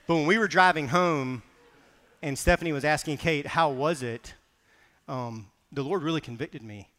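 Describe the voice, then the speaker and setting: A man preaching a sermon as pastor, telling personal stories in a conversational, animated way. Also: mid-range voice, big-room sound. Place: church sanctuary.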